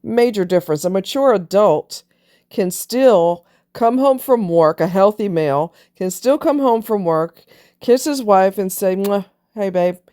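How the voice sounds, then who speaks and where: A woman with a mid-range, warm voice speaks a little slowly and expressively. She gives a blunt, preachy monologue about relationships, swearing casually to drive home her points as an opinionated relationship commentator.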